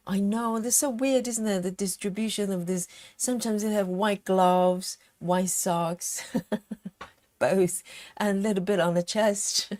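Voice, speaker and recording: A woman's voice: medium pitch, fairly even intonation, a little slow, darkish tone. A woman chatting casually on a live stream as she stitches, giggling often and reading out viewer comments.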